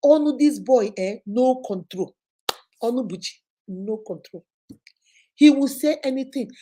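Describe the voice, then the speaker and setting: A woman's voice: a little high, measured pace. A middle-aged woman with a Nigerian accent, hosting a casual live question-and-answer chat, telling stories and laughing often. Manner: lively, laughs often, mixes in pidgin. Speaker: host.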